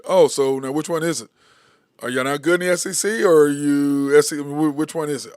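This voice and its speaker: A man's voice: fairly high pitch, fast, no echo, studio quality. A sports talk host, rambling and venting his frustration in a solo commentary.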